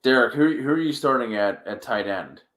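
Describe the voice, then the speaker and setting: A man hosting a fantasy football live stream, reading out viewer questions in quick lists. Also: mid-range voice, expressive, a bit bright, echoey room. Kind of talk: casual live-stream chat.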